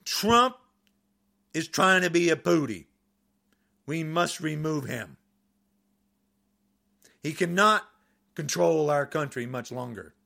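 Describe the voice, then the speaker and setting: Angry male ranter: high, gravelly, bright voice, slow and emphatic. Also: lively intonation. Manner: furious, repetitive, shouting insults. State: agitated. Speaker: podcaster. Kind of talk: angry political rant.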